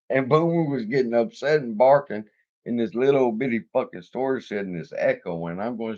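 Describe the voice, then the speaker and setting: A man's voice: medium pitch, normal speed, a little mellow, muffled recording. A man hosting an investing channel, telling rambling, profane stories with frequent laughs in a casual chat. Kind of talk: casual storytelling livestream.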